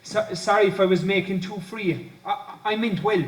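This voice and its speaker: An actor playing a polite, gentle Irish countryman who stammers and apologizes, on stage. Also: high-pitched, normal speed, slight background noise, close to an everyday voice. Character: kindly, polite wandering young countryman. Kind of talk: amateur stage play. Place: stage in a hall. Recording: echoey hall from far off.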